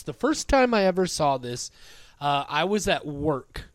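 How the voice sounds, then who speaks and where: A male podcast co-host chatting casually, his voice high and very smooth. He rambles through stories with plenty of "uh"s and swears freely. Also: big pitch swings, measured pace, no room sound. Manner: swearing, rambling with many fillers. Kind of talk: casual chat.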